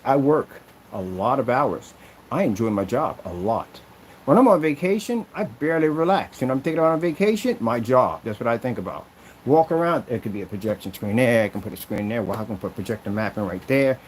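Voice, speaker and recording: A man with a mid-range, sing-song voice talks a little fast while ranting in a casual vlog about his projection screen business. He comes across as aggrieved and rambling and keeps repeating himself, over a rough recording with a little hiss or hum.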